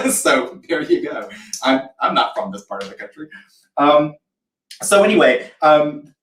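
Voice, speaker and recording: A man's voice: a little high, sing-song, a little slow, pauses often, fairly bright tone, recorded from a distance. Chatty man from the South in a roomy kitchen. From American South. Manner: chatty, self-deprecating, acts out imagined reactions. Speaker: host of a live cooking show. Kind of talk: casual live cooking demo.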